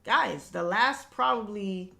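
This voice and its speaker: A young woman talks straight to her viewers in an emphatic, unfiltered way and swears freely as she vents. Her pitch sits in the middle of the usual range. Faint music plays underneath. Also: slow pace, vocal fry, bright, forceful tone. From Haitian family background. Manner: candid, emphatic, frequent swearing. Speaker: livestream trading host. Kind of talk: casual personal storytelling.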